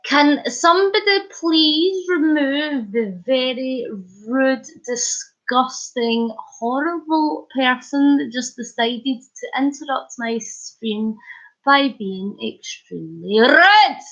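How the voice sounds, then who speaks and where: A Scottish woman from Scotland hosting a live stream, chatting playfully with viewers and telling animated stories. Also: high-pitched, takes it slowly. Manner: chatty and playful, reads comments aloud, animated storytelling. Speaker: livestream host. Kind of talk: casual live-stream chat. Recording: dull lo-fi stream audio.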